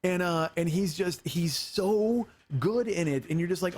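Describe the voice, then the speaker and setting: A man in his forties hosting a comedy podcast, telling stories in an animated, profane way. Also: high-pitched, measured pace. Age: 40s. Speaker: podcast host. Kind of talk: casual comedy podcast chat.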